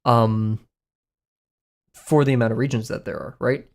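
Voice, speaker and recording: A young man with a Southern US accent talks his way through a casual live stream. He rambles, chuckles often and makes fun of himself. His voice sits at a middle, everyday pitch. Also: fairly even intonation, moderate pace. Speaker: art streamer.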